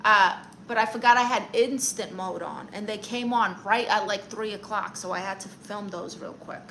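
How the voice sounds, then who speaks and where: Casting: woman doing a vain, sassy self-styled therapist aunt for a comedy livestream. Bright, forceful tone and quick, boastful comebacks. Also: medium pitch, a little hiss or hum, poor audio. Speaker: livestream comedian reading chat. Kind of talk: in-character livestream chat.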